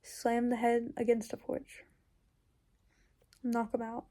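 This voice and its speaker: A woman's voice: a little high, completely flat delivery, slow, mellow. A woman recounting a dream in casual, rambling storytelling, full of fillers and sometimes dropping into whispers. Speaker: YouTuber.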